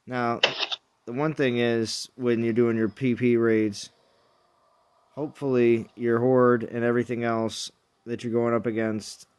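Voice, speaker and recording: A man's voice: medium pitch, flat delivery, unhurried, a little mellow, a little hiss or hum. A man streaming a mobile game, chatting in a rambling, jokey way with friends and viewers. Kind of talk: casual live-stream chat.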